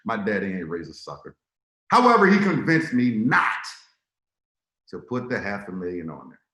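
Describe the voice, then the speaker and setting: Man, lively swooping voice, acts out quoted dialogue, motivational sales talk, echoey room. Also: on the low side, moderate pace. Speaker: speaker on a business call. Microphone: video call.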